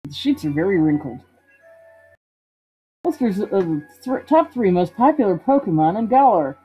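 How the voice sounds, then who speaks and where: Speaking at a normal speed in a mellow, mid-range voice, the woman sounds very animated as she streams a video game. Her let's-play commentary is casual and playful: she reads game text out loud and jokes about it. The recording is dull lo-fi stream audio with game music.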